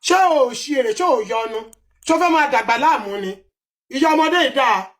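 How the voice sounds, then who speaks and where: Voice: high voice, lively intonation, very fast, fairly bright tone. A speaker in a heated live audio chat, delivering a scolding rant.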